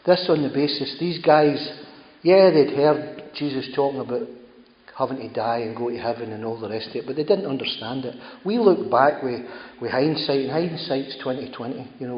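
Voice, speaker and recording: A man's voice: mid-range voice, slight background noise. A man preaching a sermon in a conversational, emphatic way, often repeating phrases as he goes. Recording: echoey hall, dull sound.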